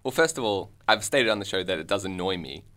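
A man's voice: low voice, expressive, quick pace, a bit bright. A man co-hosting a casual comedy chat show, dry and teasing, poking holes in his partner's logic. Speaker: co-host.

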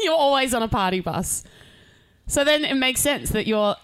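A woman's voice: high voice, expressive, fairly bright tone, clear, resonant tone, no echo. A woman co-hosting a podcast, chatting casually, joking often and laughing a lot. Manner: giggly, quick to joke and put on quoted voices. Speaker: podcast co-host. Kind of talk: casual chat.

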